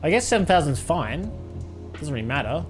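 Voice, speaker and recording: A man's voice: on the high side, big pitch swings, fairly quick, faint music behind. A young British man chatting casually with his live chat while flying a simulator, rambling and laughing often. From Britain. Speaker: flight sim streamer.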